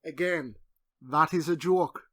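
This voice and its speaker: A man co-hosting a casual podcast, throwing out crude, deadpan quips. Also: a little high, measured pace. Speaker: podcast co-host.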